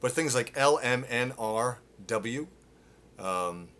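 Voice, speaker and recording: A man teaching singing live, explaining technique with restarts and breaking into loud sung demonstrations. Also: mid-range voice, animated, slow. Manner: demonstrates with loud sung grunts and vocal exercises. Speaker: vocal coach. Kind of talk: live-streamed singing lesson. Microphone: phone.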